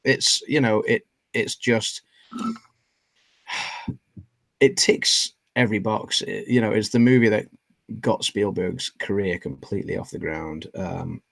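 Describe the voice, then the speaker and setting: A man's voice: lowish voice, fairly even intonation, measured pace, creaky, pauses often, fairly bright tone, dry recording. A man co-hosting a casual movie chat, speaking hesitantly with many restarts. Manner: hesitant, full of restarts and self-corrections.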